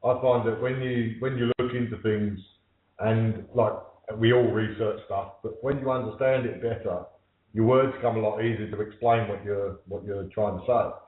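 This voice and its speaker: A man's voice: fairly low pitch, fairly even intonation, normal speed. Man, casual panel discussion, reflective, stammered starts, echoey, phone-like, faint noise. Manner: reflective, repeats words as he starts. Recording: tinny, echoey phone line with faint hiss.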